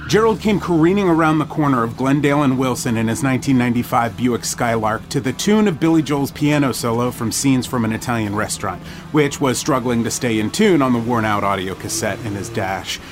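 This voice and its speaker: A male podcast host giving measured, dramatic narration of a scary story. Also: mid-range voice, over music. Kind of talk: scripted horror story narration.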